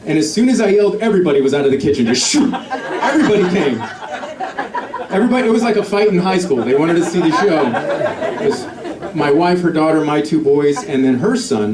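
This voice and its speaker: A man's voice: a little high, expressive, brisk, far from the mic. A middle-aged man doing a stand-up comedy set, telling a family story and acting out the voices of the people in it. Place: comedy club stage before a laughing audience. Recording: roomy live club recording with crowd laughter.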